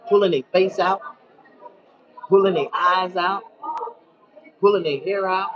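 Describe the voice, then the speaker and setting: Middle-aged male streamer, crude boisterous storyteller, slightly high voice, crowd chatter behind. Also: steady tone, measured pace, pauses often, poor audio. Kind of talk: casual rant to viewers.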